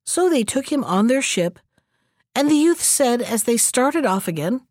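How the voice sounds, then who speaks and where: A woman narrating a fairy tale as a storybook reading, lively and expressive. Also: on the high side, measured pace, no room sound, clean studio sound.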